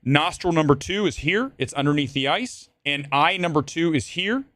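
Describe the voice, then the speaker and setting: Male live-stream host; rambling, profane banter; animated pitch. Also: moderate pace, no echo, clean studio sound. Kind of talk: live-stream movie talk.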